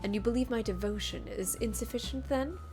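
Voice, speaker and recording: A woman's voice: on the high side, a little mellow, soft background music, lightly acted. A woman doing a genteel, pompous old merchant. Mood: composed. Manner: measured, formal, genteel. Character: pompous, courteous older male goldsmith and merchant. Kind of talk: fan voice-over of game cutscene.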